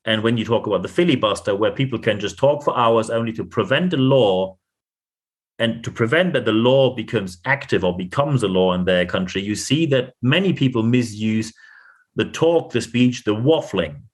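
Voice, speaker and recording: A man's voice: on the low side, animated, moderate pace. A man with a German accent, speaking English as a second language, hosting a solo leadership podcast and repeating phrases for emphasis. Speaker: podcast host and leadership coach.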